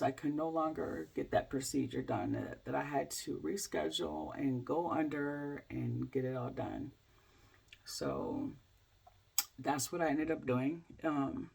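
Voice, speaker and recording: A woman in her forties, a health coach, telling a candid personal story to camera in a halting way, with many fillers and restarts. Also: a bass voice, gravelly, darkish tone, slightly rough. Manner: candid, speaks in plain everyday terms.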